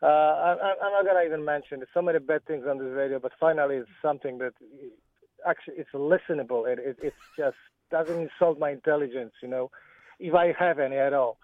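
Male radio caller phoning from his car, rambling, higher voice, phone-line sound. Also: fast talker, no room sound. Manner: rambling, repeats words. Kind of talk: casual phone-in chat.

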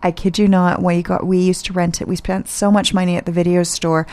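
A woman's voice: lowish voice, little pitch movement, a little fast, darkish tone, no echo. A woman hosting a chatty interview show, teasing and giggly with her guest. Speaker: radio host. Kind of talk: casual interview chat.

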